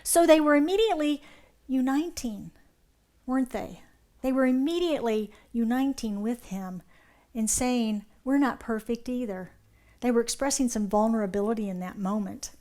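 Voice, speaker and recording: Woman preacher telling a lively story. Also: fairly high pitch, normal speed. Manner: animated storytelling, checking in with the congregation. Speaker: minister. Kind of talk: sermon.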